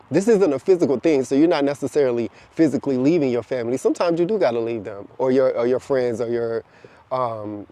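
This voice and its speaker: A man giving a casual spiritual talk to the camera, telling animated stories and acting out quoted voices, with some casual swearing. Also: mid-range voice. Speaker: spiritual content creator.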